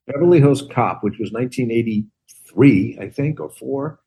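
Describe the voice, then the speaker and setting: A man in his sixties, a comedian and actor, telling casual stories on a podcast and acting out the lines he quotes. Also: normal speed. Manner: animated storyteller who acts out quotes with big pitch jumps.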